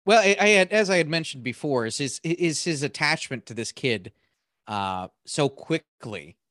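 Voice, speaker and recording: A man's voice: on the high side, normal speed, dry recording, clean studio sound. A man co-hosting a podcast, rambling and joking through a casual movie review with lots of fillers and restarts. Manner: jokey and animated. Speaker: podcast co-host.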